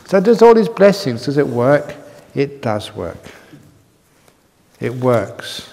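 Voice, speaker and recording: A man's voice: mid-range voice, big pitch swings, slow, creaky, long pauses, warm tone, long reverb tail. A man teaching at a meditation retreat, answering questions in a humorous, playful way and laughing often. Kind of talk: dharma talk answering questions. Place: retreat hall with long reverb.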